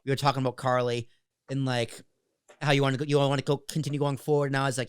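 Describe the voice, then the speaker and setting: A young man who is a podcast guest, chatting casually and teasing his friend with quick, swearing asides. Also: mid-range voice, level tone, clear, resonant tone, dry recording. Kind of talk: casual chat.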